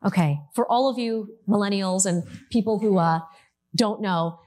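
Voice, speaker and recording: A woman in her thirties from the United States giving a talk to an audience, telling her story in a lively, animated way. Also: mid-range voice, moderate pace.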